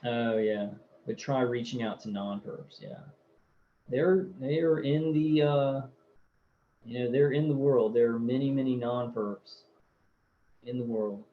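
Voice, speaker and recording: A man's voice: mid-range voice, fairly even intonation, a little slow, narrow, tinny audio, a little hiss or hum. A man hosting a casual livestream, reading viewer comments aloud and rambling with hesitations and fillers.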